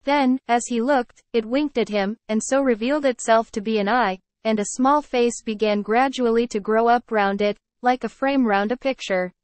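A woman teacher reading a story aloud to children, pausing to explain words. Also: a little high, no room sound. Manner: clear, explaining, addresses children. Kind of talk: read-aloud lesson with word explanations.

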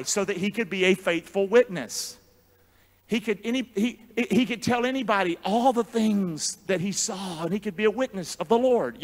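Man, pastor, sermon, high voice, bright tone, call-and-response, shouts and quiet asides, church with long reverb. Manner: call-and-response preaching, asks congregation to repeat. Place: church sanctuary.

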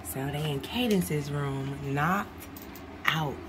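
A woman's voice: low voice, takes it slowly, background noise. A young woman, a mother, chatting casually to her camera in a family vlog and often saying "you guys" and "y'all". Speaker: vlogger, working mom of three.

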